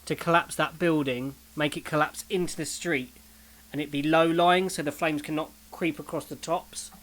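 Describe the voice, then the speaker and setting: A man running a tabletop game as dungeon master, describing scenes in a halting way with many fillers. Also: on the high side, fairly even intonation, fairly bright tone. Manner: halting, full of ums and likes. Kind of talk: casual game narration.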